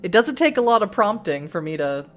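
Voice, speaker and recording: A woman's voice: medium pitch, very animated, brisk, soft background music. A woman from Massachusetts hosting a let's play, reading a text game aloud with chatty asides and frequent laughs.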